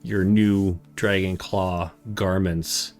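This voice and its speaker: A man narrating as game master of a tabletop game, relaxed, with many fillers. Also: sits low, slow, faint music behind.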